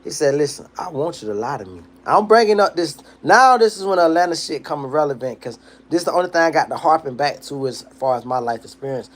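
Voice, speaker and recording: A man's voice: fairly high pitch, fairly quick. A young man hosting a livestream, casually telling a long profane story and acting out the people in it. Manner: animated, profane street storytelling, acts out quotes. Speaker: livestream host.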